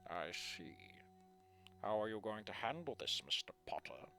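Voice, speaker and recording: A man's voice: lowish voice, big pitch swings, pushed and bright, faint music behind, voice pushed down, heavily acted. A man reading a story aloud, voicing a stiff middle-aged father who sounds strained and throaty, as if something is lodged in his throat. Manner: slow, stilted, trying his best.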